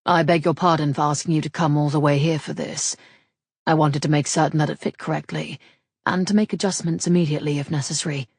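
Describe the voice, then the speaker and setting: A woman reading the lines of a grave, teasing male rogue in a measured, dry manner. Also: deep voice, fairly even intonation, husky, no room sound.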